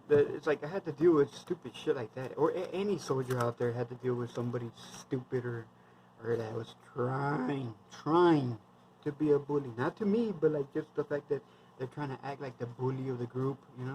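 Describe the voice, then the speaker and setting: A man's voice: mid-range voice, mellow, a little hiss or hum, low-quality recording. A man in his thirties, a military veteran, telling war stories in a rambling, blunt, heavily profane casual monologue.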